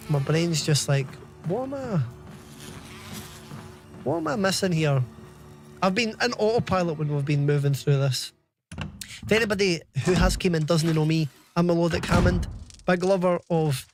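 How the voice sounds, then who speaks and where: A young Scottish man talks to his stream chat in a loose, rambling way, with a voice pitched a little high and a habit of casual swearing. Faint music plays quietly behind him. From Scotland. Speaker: livestreamer.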